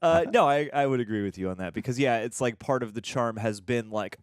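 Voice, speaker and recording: A man's voice: mid-range voice, a little fast, hardly any pauses, smooth, dry recording, studio quality. A man co-hosting a TV reaction show, chatting casually and rambling with lots of filler words and restarts. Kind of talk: casual review chat.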